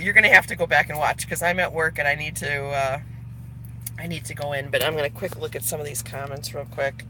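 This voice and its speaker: A woman's voice: deep voice, fairly even intonation, a little fast, background noise. A woman livestreaming, talking bluntly to her viewers and answering their comments by name. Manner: blunt and profane; talks straight to viewers by name. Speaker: vlogger. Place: at her workplace.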